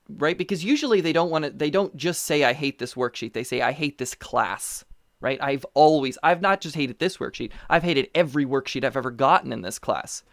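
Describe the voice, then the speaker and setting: A person chatting casually over a remote call, telling animated stories with many fillers and restarts. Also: medium pitch, no room sound, clean studio sound. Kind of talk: casual conversational chat. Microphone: remote call mic.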